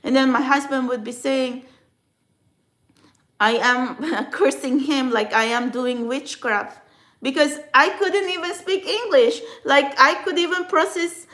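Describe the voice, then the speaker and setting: A woman with a high voice tells her story in a personal vlog, and her first language is a Filipino dialect. She rambles and restarts, emotional and halting, circling back on her thoughts. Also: a bit bright. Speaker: spiritual vlogger.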